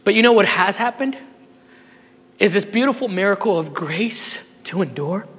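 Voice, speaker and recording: A man preaching in a sanctuary, his voice high and ringing bright, with a long reverb trailing off the walls. He moves from hushed, heartfelt stretches to loud, shouted appeals. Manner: emotional, swings from soft to shouted. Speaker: pastor. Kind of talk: sermon. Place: church sanctuary.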